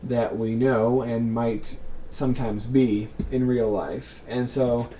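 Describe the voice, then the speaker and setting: A young man answers viewer questions in a casual vlog, thinking aloud and pausing with frequent ums. His voice sits at an ordinary pitch with a dark, mellow tone. A faint hiss of room noise sits underneath. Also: steady tone.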